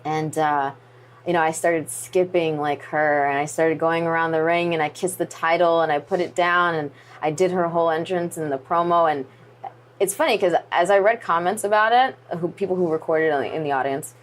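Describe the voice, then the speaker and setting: Woman guest, 30s, lower voice, tells stories with animated, acted-out quotes. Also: normal speed. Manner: animated, acts out quoted dialogue. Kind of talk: casual interview storytelling.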